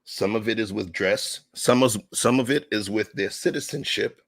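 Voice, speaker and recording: A man's voice: fairly low pitch, moderate pace. A man hosting a casual panel chat over a video call, laid back as he directs the discussion. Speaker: host, moderator.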